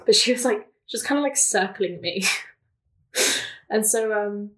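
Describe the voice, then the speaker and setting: A woman's voice: medium pitch, unhurried, a bit bright. A young woman chats through her stories as a podcast guest, her mid-range voice ringing in a roomy space. She laughs often and scatters fillers through her talk. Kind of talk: casual storytelling chat. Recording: roomy echo.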